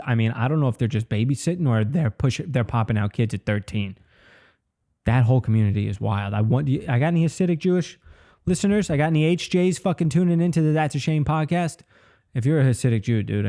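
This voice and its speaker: Rambling profane young man, mellow voice. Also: medium pitch. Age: 20s. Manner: rambling, profane, says "dude" often. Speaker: comedian and podcast host. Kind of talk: casual solo podcast monologue.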